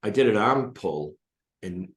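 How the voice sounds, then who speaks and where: A man's voice: on the low side, lively intonation, measured pace, echoey room. A male hypnotist and coach, a guest talking on a video call from his office, explaining things emphatically with blunt asides. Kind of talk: casual spoken teaching.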